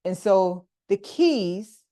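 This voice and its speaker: A woman coaching a group on a video call, teaching in a casual, animated way and talking straight to her listeners with slang. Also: mid-range voice, very slow. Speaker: coach leading a group workshop.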